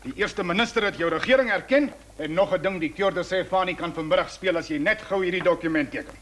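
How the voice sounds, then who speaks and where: A harried government envoy. His voice sits very high and bright as he coaxes and pleads. He keeps wheedling to get his way. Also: quick pace, slight background noise. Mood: pleading.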